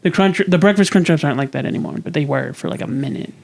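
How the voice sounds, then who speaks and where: A man's voice: on the high side, quick pace, vocal fry, a little mellow. A man co-hosting a casual podcast, eagerly explaining internet memes and stories. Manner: enthusiastic storyteller, explains memes. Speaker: podcast co-host. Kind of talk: casual chat.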